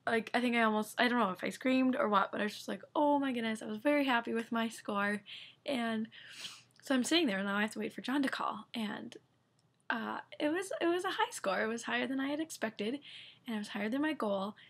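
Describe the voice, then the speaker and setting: A young woman, telling a story to her followers in a chatty, excitable way, full of fillers. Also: a little high, fairly quick, gravelly, husky. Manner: chatty, excitable, many fillers like "like" and "I don't know". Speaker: medical student vlogger. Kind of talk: casual storytelling vlog.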